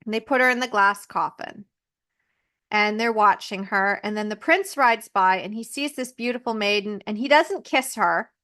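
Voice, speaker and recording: A woman hosting a podcast, retelling a fairy tale in a chatty, animated way with personal asides. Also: mid-range voice, normal speed. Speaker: podcast host. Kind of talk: casual storytelling.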